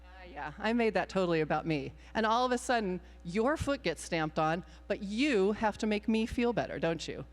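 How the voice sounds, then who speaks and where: A woman's voice: mid-range voice, lively intonation, normal speed, few pauses. A woman minister leading a playful children's time in a worship service, improvising and encouraging the young people. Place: church sanctuary. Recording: long hall reverb in a sanctuary.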